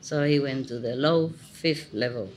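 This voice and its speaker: A woman's voice: a bass voice, normal speed, a little mellow, faint music behind. A woman spiritual teacher giving an informal talk, telling stories in chatty, simple English and laughing often.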